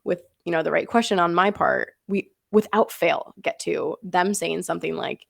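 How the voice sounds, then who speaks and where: Gravelly-voiced woman coaching with emphasis. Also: on the low side, normal speed, dry recording, clean studio sound. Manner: earnest, emphatic, laughs often. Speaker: podcast host and business coach. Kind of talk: casual podcast monologue.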